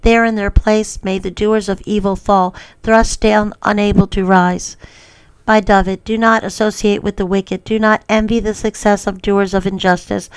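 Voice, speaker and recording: A woman reading psalms aloud at a steady pace, with an occasional filler. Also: mid-range voice, clear, resonant tone.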